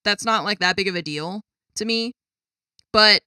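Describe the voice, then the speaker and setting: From her home gaming setup with a cat, a woman streamer chats casually with viewers, exasperated, very animated, and swearing freely at a measured pace. Her bright, forward voice sits at a middle pitch, recorded dry and close with no room sound or echo.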